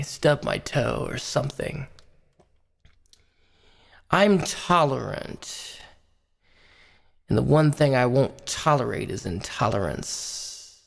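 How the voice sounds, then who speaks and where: A man's voice: medium pitch, vocal fry. A man voicing a self-righteous woman pundit in a comedy sketch, preachy and repeating one word, in an echoey hall. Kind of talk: comedy sketch role-play.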